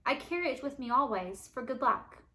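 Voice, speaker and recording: A woman's voice: high voice, lively intonation, moderate pace, sharp tone. A woman voicing a timid, earnest peasant boy in a storybook read-aloud.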